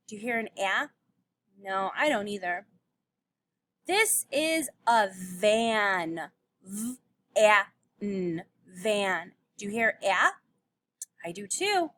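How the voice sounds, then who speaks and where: A woman's voice: fairly high pitch, fairly bright tone. A woman teacher giving a recorded phonics lesson to young children, patiently sounding out letters and words.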